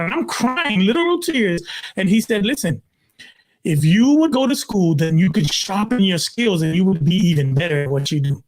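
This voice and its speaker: High-voiced older man telling a story. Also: expressive, brisk. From Brooklyn, New York. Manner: emphatic, repeats "literally", acts out his own quotes. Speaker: pastor, guest. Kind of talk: animated storytelling in an interview.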